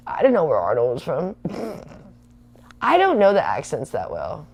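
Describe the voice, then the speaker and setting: A woman's voice: deep voice, wildly swooping pitch, moderate pace, gravelly, darkish tone. A woman in her thirties hosting a livestream, rambling chattily and answering viewer comments. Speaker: livestream host. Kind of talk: casual rambling livestream chat.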